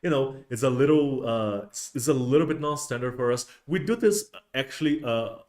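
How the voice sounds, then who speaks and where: A man's voice: mid-range voice, normal speed, a little mellow. A man hosting a casual livestream, rambling with many restarts and fillers. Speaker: host of a miniatures livestream.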